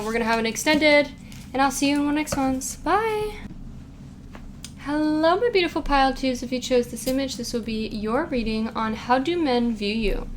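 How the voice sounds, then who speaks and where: A young woman with a fairly high voice gives a casual pick-a-card tarot reading, chatting and giggling as she reads quotes aloud and adds playful asides. Slight background noise can be heard.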